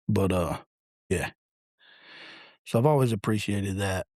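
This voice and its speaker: A man's voice: lowish voice, slow pace, no room sound, clean studio sound. A man in his forties, a police officer co-hosting a podcast, telling blunt, profane stories in casual chat.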